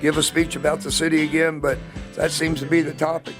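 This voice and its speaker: A man's voice: on the high side, little pitch movement, a little fast, music in the background. A middle-aged man talking as a guest on a local TV show, plainspoken and blunt, with hesitant fillers. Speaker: guest, auctioneer. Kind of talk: casual chat.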